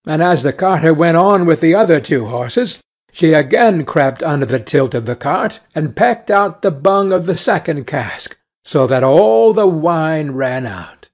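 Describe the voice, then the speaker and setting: A man narrating a fairy tale slowly and clearly for English learners. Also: a little high, lively intonation.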